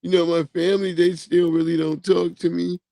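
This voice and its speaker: Whiny deported guy as a man mocks him, self-pitying, high voice, dry sound. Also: level tone, brisk, vocal fry, dark tone, no room sound. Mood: whining.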